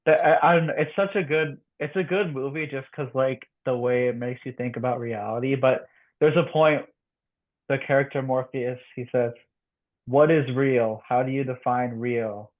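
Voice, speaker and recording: Casting: male podcast host, laid-back and halting, heard over a tinny line. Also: mid-range voice. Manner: relaxed, halting, filler words. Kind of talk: casual conversation.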